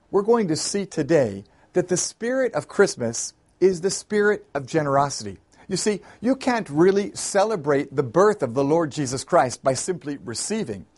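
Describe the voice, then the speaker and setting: A man delivering a sermon as host and pastor. He tells his story in an animated, folksy way in a fairly high voice.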